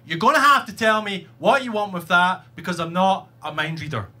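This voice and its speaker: A man voicing a deadpan, unhelpful male subway booth clerk who talks in a flat, patronising way. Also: sits high, fairly quick. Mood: curt. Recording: live comedy club, loud noise.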